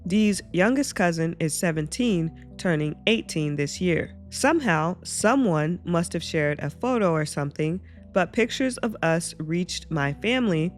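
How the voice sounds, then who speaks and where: A woman reading online stories aloud as host of her channel, breaking off into animated asides and reactions. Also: fairly low pitch, measured pace, faint music behind. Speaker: reddit story reader and reactor.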